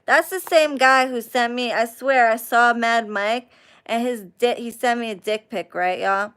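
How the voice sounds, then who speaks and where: A woman hosting a casual live chat with viewers, ranting in an animated, heavily profane way. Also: on the high side, a little slow, clear, resonant tone. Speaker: live stream host chatting with viewers.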